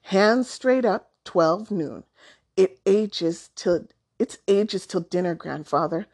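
A woman voicing an eager, excitable young boy in a storybook read-aloud, raising her voice for him. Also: mid-range voice, takes it slowly. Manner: eager, bright-toned.

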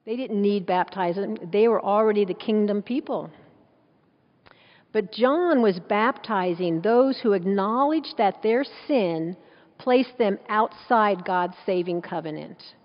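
A woman's voice: medium pitch, takes it slowly. A woman preaching a sermon in an emphatic, conversational way, full of rhetorical questions, with a dull sound in a large echoing hall.

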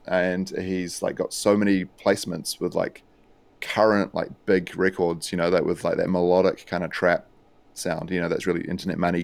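A man's voice: low voice, gravelly, no room sound. A New Zealand man, a music producer and DJ, chatting casually as a podcast guest, rambling with lots of fillers. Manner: relaxed, rambling with many fillers.

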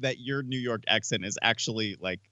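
A man from Northeast Pennsylvania co-hosting a casual podcast, talking in a measured way with fillers. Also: fairly low pitch, sharp tone, no room sound, highs cut off. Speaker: podcast co-host. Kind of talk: casual wrestling chat.

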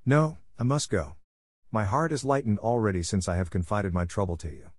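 A troubled young woman voiced by a man speaks softly and earnestly in a storybook reading. The tone sits a little higher than the narration and sounds dry. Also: expressive, fairly quick, dry recording. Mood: relieved. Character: frightened young woman, relieved.

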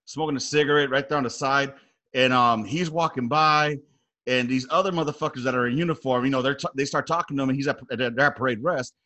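A man telling army stories in casual chat, animated and profane, acting out loud quotes. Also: mid-range voice, fast talker. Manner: animated storyteller, heavy swearing, acts out quotes loudly.

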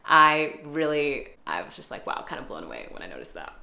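低めの声の女性ホスト、響く部屋. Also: female voice, deep voice, sing-song, a little fast, vocal fry, sharp tone. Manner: chatty, laughs often, many fillers. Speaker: podcast host. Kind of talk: casual chat. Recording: roomy echo.

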